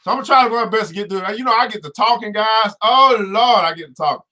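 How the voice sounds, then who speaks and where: A man hosting a finance show in an energetic, preachy way, full of exclamatory asides. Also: sits high, fast talker. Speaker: host. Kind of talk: casual finance show talk.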